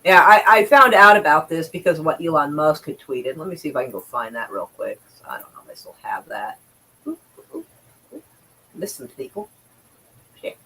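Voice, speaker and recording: A woman's voice: low-pitched, a little fast, hardly any pauses, bright, forceful tone, slight background noise, low-quality recording. A woman livestreaming, reading news aloud and reacting with sarcastic, profane commentary and exasperated sighs.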